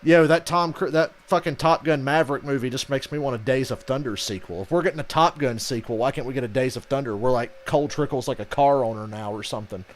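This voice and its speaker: A man's voice: mid-range voice, fast talker, few pauses, a little hiss or hum. A man hosting a live race reaction stream in casual, profane chat, breaking into mocking voices when he quotes people.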